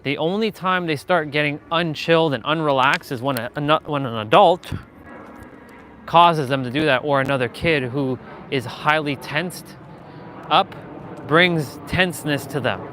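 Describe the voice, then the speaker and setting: A man's voice: fairly high pitch, unhurried, pushed and bright. Motivational vlogger, male, talking emphatically while walking outdoors, faint street noise. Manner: earnest, emphatic, repeats phrases.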